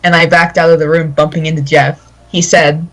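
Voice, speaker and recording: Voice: mid-range voice, flat delivery, moderate pace, fairly bright tone, soft background music. A young narrator reading a fan story aloud to friends, giggling and stumbling over words. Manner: giggly, stumbles and corrects itself while reading. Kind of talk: casual group reading on a voice call. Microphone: voice call mic. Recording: very noisy voice call audio.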